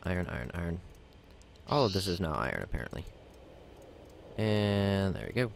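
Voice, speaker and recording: With a low, sing-song voice and some vocal fry, a man speaks at a moderate pace against a little hiss or hum. He's a let's play gamer casually commentating, rambling and self-deprecating while narrating his crafting.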